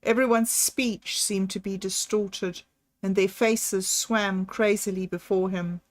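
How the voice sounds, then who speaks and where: A woman audiobook narrator reads a novel aloud in a slow, measured storytelling voice. Her voice sits in the mid-range, and the recording is dry.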